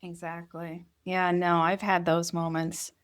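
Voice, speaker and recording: A woman co-hosting a casual podcast chat, telling stories in an animated way and laughing as she talks. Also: on the low side, measured pace. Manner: animated storyteller, laughs while talking. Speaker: podcast co-host.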